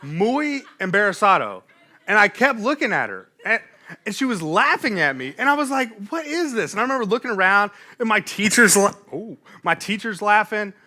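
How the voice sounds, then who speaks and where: A young man delivers a sermon in a church, spinning a self-deprecating story and laughing along with it. His voice is bright and ringing, swinging widely in pitch as he builds each moment. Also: a little fast. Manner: animated storytelling, laughs at himself. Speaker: preacher.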